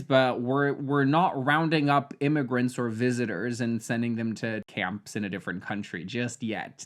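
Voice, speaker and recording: Mocking a movie, a young male reviewer swings from deadpan mumbling that trails away to sudden loud, high outbursts.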